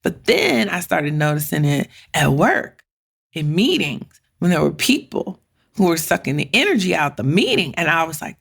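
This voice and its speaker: A woman's voice: fairly low pitch, normal speed, creaky, breathy edge. A woman hosting a career podcast, talking casually and bluntly, swearing freely and acting out her own thoughts. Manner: blunt, profane and animated, with many quoted inner voices. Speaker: podcast host. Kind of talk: casual solo podcast talk.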